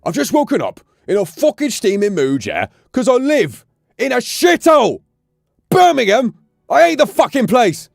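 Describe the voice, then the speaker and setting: A man's voice: extremely high pitch, wildly swooping pitch, normal speed, gravelly, dry recording, clean studio sound, soft background music, voice pushed up, exaggerated voice. A man voicing a grumpy, fed-up man from Birmingham, ranting and swearing angrily. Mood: furious. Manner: angry swearing rant.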